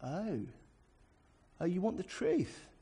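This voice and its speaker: A man's voice: medium pitch, moderate pace, warm tone, breathy edge. A man putting on a sarcastic biblical prophet. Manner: mock-polite, sarcastic.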